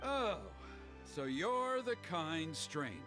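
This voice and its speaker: An actor playing a gruff, suspicious father who is a village elder, in a video game. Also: a little high, big pitch swings, takes it slowly, music in the background. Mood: wary. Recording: game soundtrack clearly behind.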